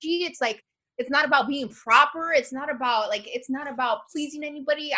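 A woman's voice: sits high, quick pace. A woman speaking as a podcast guest in casual conversation, emphatic and upbeat, swearing freely. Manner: lively, varies between calm and excited.

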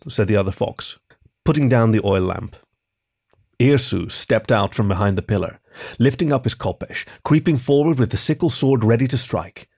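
A man hosting a podcast and narrating a story in a lively, expressive reading style. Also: medium pitch, normal speed, gravelly, husky.

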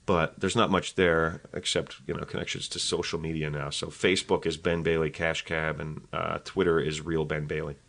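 A man's voice: a bass voice, flat delivery, normal speed, creaky, hardly any pauses, a bit bright. A man, a comedian, chatting casually on a podcast, telling stories in a rambling, self-deprecating way. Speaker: comedian guest.

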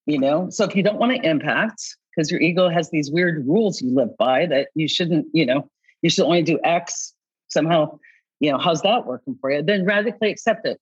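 A woman coach in a podcast conversation who talks with a husky voice and acts out both sides of the dialogues she describes. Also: sits low, a little fast, no room sound, muffled recording. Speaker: coach advising company founders.

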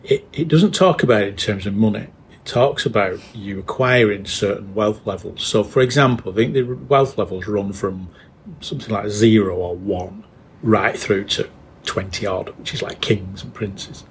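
A middle-aged man with a northern English accent, co-hosting a casual podcast chat, musing with halting restarts and frequent chuckles. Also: lowish voice, a little hiss or hum. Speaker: podcast co-host.

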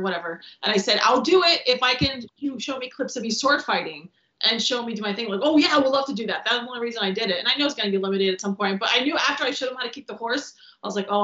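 Stunt woman guest, slightly high voice, animated, salty, recorded in an echoey room. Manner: animated, acts out quotes, swears freely. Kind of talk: casual podcast storytelling. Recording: roomy, dull lo-fi podcast audio.

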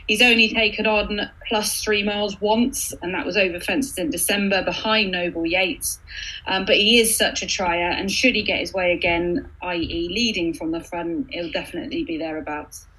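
A woman's voice: lowish voice, sharp tone, slightly rough, low-quality recording. A woman on a racing podcast panel, fondly making the case for a horse she loves. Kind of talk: casual chat.

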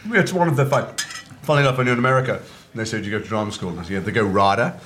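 A middle-aged man from Liverpool, a guest actor telling animated stories over a meal and acting out quoted voices. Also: mid-range voice, very fast, a little hiss or hum. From north of England, Liverpool. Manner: animated storyteller who acts out quoted voices. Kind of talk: casual chat over a meal. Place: restaurant table.

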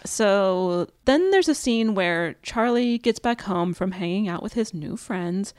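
A woman co-hosting a podcast, giving steady plot summaries with wry asides. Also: mid-range voice, a little slow, clear, resonant tone, no room sound, clean studio sound. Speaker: podcast co-host. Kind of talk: podcast plot recap and chat.

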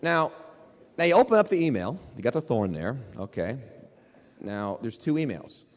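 A man's voice: mid-range voice, sing-song, moderate pace. A man preaching a sermon as pastor, speaking emphatically, repeating key phrases and putting questions to the congregation. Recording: long hall reverb.

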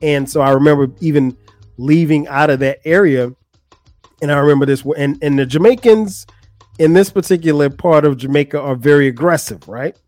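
A man in his forties hosts his podcast, telling a personal story in loose, slangy talk full of restarts. His voice sits a little high and sounds dry and close. Soft music plays faintly underneath. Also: a little fast, dry recording. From United States. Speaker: podcast host. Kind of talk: casual storytelling.

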